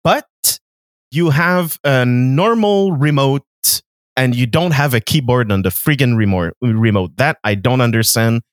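A man with a French Canadian accent chats as a podcast guest, breaking into laughter often. His pitch rises and falls in a lively way. He sounds close and dry on the mic, with no room around him. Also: a little slow, dry recording. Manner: laughs often, animated, easily amused. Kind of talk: casual podcast chat.

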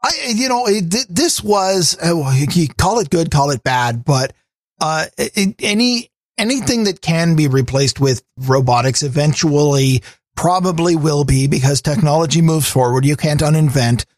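Middle-aged man, podcast co-host, wry halting delivery, slightly high pitch, dry sound. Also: lively intonation, no room sound. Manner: wry, halting, many restarts. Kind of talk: casual chat.

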